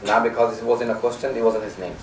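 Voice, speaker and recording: A man's voice: medium pitch, steady tone, quick pace, distant mic, slight background noise. Man lecturing in an echoey hall. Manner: storytelling with quoted dialogue, many "you know" fillers. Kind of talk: religious lecture. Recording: echoey hall, recorded from afar.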